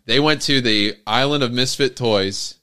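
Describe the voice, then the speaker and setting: A man's voice: mid-range voice, a little slow, bright, forceful tone, clear, resonant tone. A man co-hosting a casual chat, joking wryly and laughing often. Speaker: podcast co-host.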